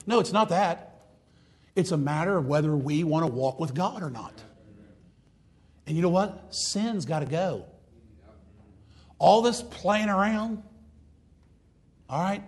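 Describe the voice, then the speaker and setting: A man preaches a fervent, repetitive sermon that builds into loud, emphatic preaching, and he reads scripture aloud in old-fashioned wording. His voice sits high with lively intonation, moving slowly with long pauses.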